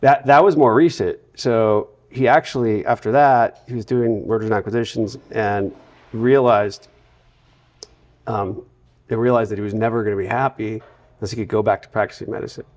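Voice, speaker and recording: Guy with a lowish voice, podcast guest, rambling on about family stories. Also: fairly even intonation, moderate pace, a little mellow. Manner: rambling, anecdotal, long run-on retelling. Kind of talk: casual interview storytelling.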